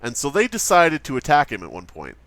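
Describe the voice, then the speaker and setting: A man hosting a let's play, telling stories in casual chat, animated and swearing freely. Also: fairly high pitch, fairly quick, no echo. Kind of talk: casual chat while gaming.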